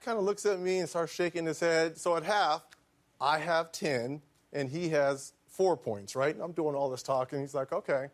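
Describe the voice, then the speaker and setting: A man's voice: fairly high pitch, moderate pace. Articulate man telling an amused story. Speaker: former basketball player. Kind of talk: anecdote on a talk show.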